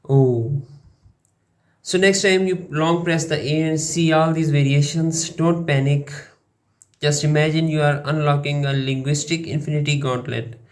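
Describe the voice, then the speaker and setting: A young man from Pakistan, a language learning YouTuber, giving a jokey, unhurried explainer with pauses between phrases. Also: fairly high pitch. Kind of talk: playful explainer monologue.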